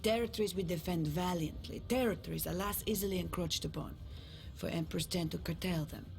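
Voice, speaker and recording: An actress playing a cool, reasoned dragon noblewoman in a video game, speaking in a measured, lofty way. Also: fairly low pitch, gravelly, a little mellow, faint music behind.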